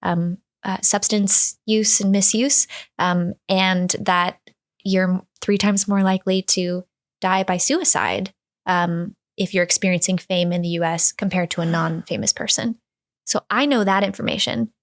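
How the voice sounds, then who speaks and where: Speaking a little slowly in a steady, lowish voice, this woman in her thirties is being interviewed. Her answers are candid and reflective, and she frequently starts a thought over before finishing it.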